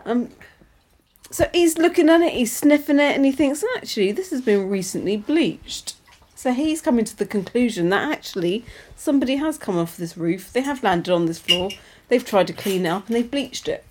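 A woman's voice: on the high side, expressive, normal speed, darkish tone. Brief: woman, podcast co-host, casual recap, laughs often. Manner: chatty, giggly storytelling. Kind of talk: casual chat recapping a TV episode.

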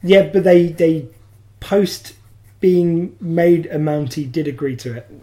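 Casual podcast co-host, female, from England; low, warm, self-mocking delivery. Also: slow. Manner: chatty, self-mocking, laughs often. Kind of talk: casual chat.

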